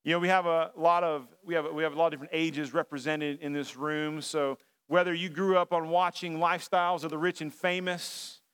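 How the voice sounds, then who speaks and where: Male pastor, high, smooth voice, conversational preaching with fillers and restarts. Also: steady tone, fairly quick, a bit bright. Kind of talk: sermon. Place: church sanctuary.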